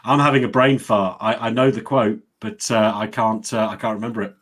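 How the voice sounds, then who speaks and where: A man's voice: on the low side, steady tone, a little fast, a bit bright. A man co-hosting a casual podcast, eager and joking while guessing quiz answers. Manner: enthusiastic, guesses and jokes. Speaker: podcast co-host. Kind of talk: casual chat.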